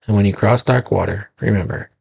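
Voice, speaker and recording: A male podcast host giving a slow, solemn scripted narration of sea folklore, now and then correcting his own slips. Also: fairly low pitch, vocal fry, slightly rough.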